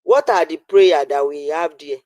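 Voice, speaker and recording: A man's voice: fairly high pitch, moderate pace, darkish tone, dry recording, low-quality recording. A man with a Nigerian accent arguing on a live stream, pressing his point with repeated fillers. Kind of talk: heated live-stream debate.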